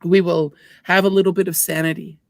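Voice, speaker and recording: A woman's voice: on the low side, level tone, a little fast, dry recording, studio quality. A woman co-hosting a casual interview, bubbly and gushing, often stumbling and restarting her sentences. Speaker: co-host.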